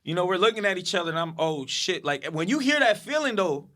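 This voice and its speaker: Podcast guest, male, fairly high and bright tone, animated and loose, swears a lot. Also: fast. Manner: animated, acts out what others said, swears freely. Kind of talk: casual storytelling.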